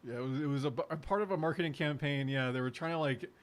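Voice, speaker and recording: A man's voice: a little high, quick pace. Laid-back young male streamer. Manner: laid-back, excitable, laughs easily. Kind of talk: casual live-stream chat.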